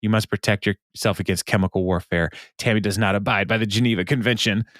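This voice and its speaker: A fast-talking podcast host retells a sitcom episode scene by scene in casual chat, laughing often as he quotes characters. His voice sits fairly low but sounds a bit bright, with fairly even intonation, and the recording is dry and close with no room sound.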